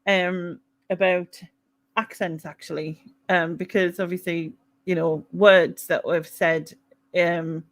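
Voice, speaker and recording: A woman's voice: lowish voice, little pitch movement, takes it slowly. A woman with a Mackem accent from North East England, hosting a casual live chat, laughing often and reading out viewers' comments. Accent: Mackem (Sunderland). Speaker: live stream host.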